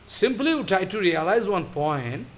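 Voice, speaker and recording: High-voiced older man giving a devotional talk. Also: very animated, measured pace. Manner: storytelling, voicing saints in dialogue, non-native English. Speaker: spiritual teacher. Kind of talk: devotional lecture with acted dialogue.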